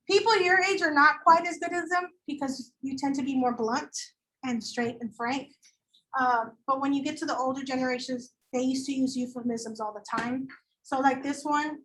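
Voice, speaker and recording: A woman teaching a high school English lecture, chatty and animated, acting out quoted voices as she explains. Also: a little hiss or hum, low-quality recording. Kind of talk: classroom lecture.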